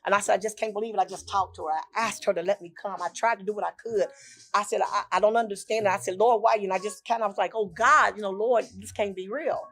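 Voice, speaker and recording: Older woman, mid-pitched, emotional storyteller on a talk show, acts out quoted voices and repeats herself. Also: fairly even intonation, fast. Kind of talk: personal testimony on a talk show.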